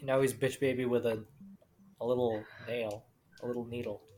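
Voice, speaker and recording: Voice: mid-range voice, little pitch movement, normal speed, a little mellow, a little hiss or hum. A podcast co-host trading crude jokes and banter in a casual chat.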